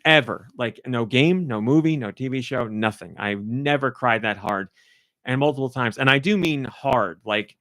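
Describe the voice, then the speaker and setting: A man's voice: mid-range voice, normal speed, fairly bright tone, no room sound, clean studio sound. A man co-hosting a podcast and talking about a game he reviewed in casual, rambling chat, full of "like" and restarts. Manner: rambling and effusive, heavy use of "like".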